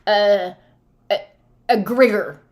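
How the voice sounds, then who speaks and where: A woman's voice: medium pitch, fairly even intonation, slow, darkish tone, slight background noise. A woman reading oracle cards and talking casually to her viewers, rambling with many fillers and now and then squealing out quoted voices. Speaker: oracle card reader. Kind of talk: casual spiritual talk to camera.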